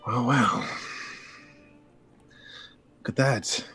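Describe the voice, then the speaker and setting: A man's voice: mid-range voice, fairly even intonation, very slow, bright, forceful tone, husky, soft background music. A man playing in a tabletop game, thinking aloud hesitantly about his character's moves. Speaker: player. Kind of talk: casual tabletop play.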